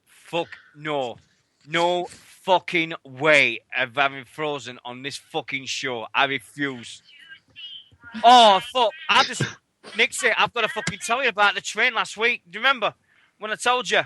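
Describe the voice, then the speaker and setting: Sweary british guy on radio, high bright voice, bouncing all over. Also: normal speed, dry recording. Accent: British English. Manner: sweary, rambling storyteller. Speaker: wrestling radio host. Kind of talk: casual chat.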